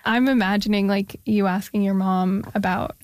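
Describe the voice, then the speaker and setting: A woman's voice: mid-range voice, fairly even intonation, normal speed, a little mellow, no echo, studio quality. A woman hosting an interview, asking attentive, thoughtful questions. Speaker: interviewer host. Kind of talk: conversational interview.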